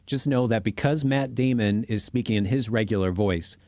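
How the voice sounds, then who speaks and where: A man co-hosting a podcast, chatting casually about movies in an animated, joking, self-mocking way. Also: fairly low pitch, normal speed, no echo, studio quality. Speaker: podcast co-host. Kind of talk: casual movie review chat.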